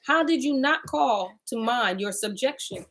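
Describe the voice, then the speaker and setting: A woman's voice: on the high side, lively intonation, measured pace, a bit bright, rough recording. Lady reading a sorry but fierce first mother, plain scripture reading. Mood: scolding.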